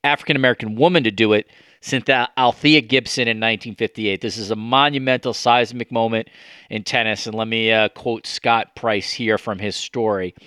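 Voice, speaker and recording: A man's voice: fairly low pitch, fairly even intonation, normal speed, pushed and bright, clean tone, no echo, clean studio sound. A man hosting a podcast, chatting casually and enthusiastically and reading quotes aloud. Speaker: podcast host.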